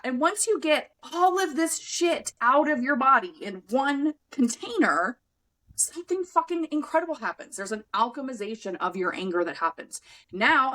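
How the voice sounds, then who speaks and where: A woman's voice: sits high, low-quality recording. A woman hosting a podcast, speaking casually and frankly, swearing freely and with emphasis as she coaches her guest on anger. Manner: acts out other people's lines in lively voices. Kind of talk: casual conversational podcast talk.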